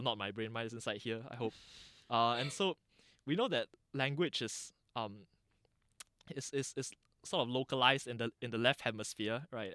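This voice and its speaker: A Singaporean man gives long, thoughtful interview answers in a mild lecturing tone. He restarts phrases and fills pauses as he explains. The recording is dry and close. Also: medium pitch, sharp tone, no echo. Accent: Singaporean English. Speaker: interviewee, dialect channel founder.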